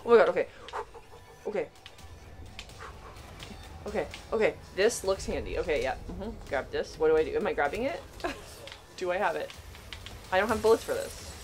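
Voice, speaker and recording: A woman giving panicky, excitable commentary while playing a video game for the first time, laughing often. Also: on the low side, normal speed, pauses often, soft background music. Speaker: gaming channel host.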